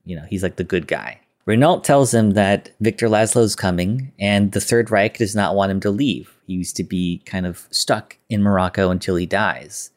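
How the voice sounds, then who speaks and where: A man's voice: low-pitched, moderate pace, hardly any pauses. A man hosting a podcast, loosely retelling a classic film with lots of filler words and quoted lines. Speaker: podcast host. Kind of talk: casual film recap.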